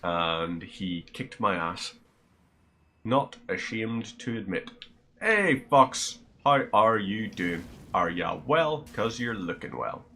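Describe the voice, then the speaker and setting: A man's voice: low voice, animated, slow pace, pushed and bright, a little hiss or hum. A man with a Northern Irish accent chatting casually to his viewers while streaming a game, rambling and friendly. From Northern Ireland.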